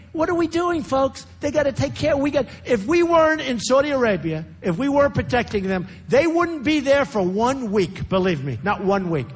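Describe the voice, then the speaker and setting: A man's voice: high voice, breathy edge. An older man with a New York accent, delivering a campaign speech at a large rally with repetitive, boastful phrasing and chatty asides to the crowd. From United States. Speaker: candidate speaking at a rally. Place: large indoor rally venue.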